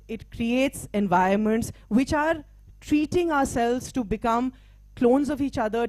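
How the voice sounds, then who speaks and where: A middle-aged woman with a fairly high voice gives a motivational talk from the stage. The recording is dry and close. She keeps it conversational and checks in with her listeners with quick tag questions. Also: a little mellow, dry recording. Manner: conversational, often adds "right?" and "okay?" to check in with listeners. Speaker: speaker at a live talk event; mental health practitioner and diversity trainer.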